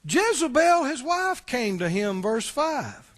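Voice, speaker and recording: Guy pastor preaching slow and deliberate, lots of questions thrown at the crowd. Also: very high voice. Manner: animated preaching with rhetorical questions. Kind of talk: sermon.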